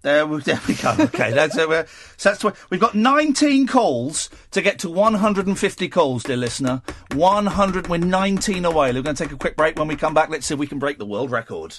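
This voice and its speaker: A man hosting a late-night radio phone-in, excitable and swinging from shouts to low mutters. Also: fairly quick, few pauses, a little hiss or hum. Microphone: studio broadcast mic.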